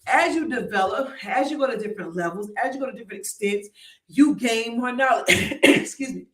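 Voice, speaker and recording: Hosting a live online program, this woman gives a chatty, lively motivational talk, repeatedly drawing in listeners with "y'all" and "right?". Her voice is a little high and a little fast, reverberant and far from the mic.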